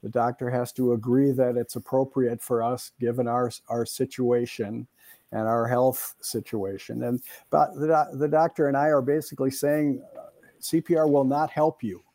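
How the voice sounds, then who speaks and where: A man with a mellow, warm voice speaks in a dry studio. He explains things with dry humor, stumbling over repeated words as he goes. He keeps a plain, explanatory tone. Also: mid-range voice, level tone, normal speed, no room sound. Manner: wry, stammering restarts. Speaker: expert guest. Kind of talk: expert advice on a call-in show.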